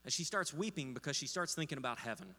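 A man's voice: on the high side, animated, quick pace, sharp tone. A man telling a story in a sermon as pastor, with frequent fillers and restarts. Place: church sanctuary. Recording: long hall reverb.

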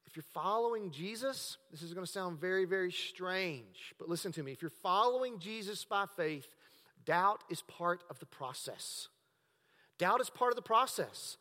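A man preaching a sermon as pastor, swinging between hushed, drawn-out words and emphatic, raised passages. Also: sits high, expressive, in a large hall.

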